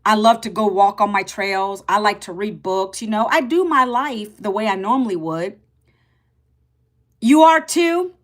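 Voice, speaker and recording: A woman in her fifties talking casually to camera as an online business coach, chatty, repeating herself and calling viewers "guys". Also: unhurried. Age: 50s. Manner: lively, pitch jumps up and drops low.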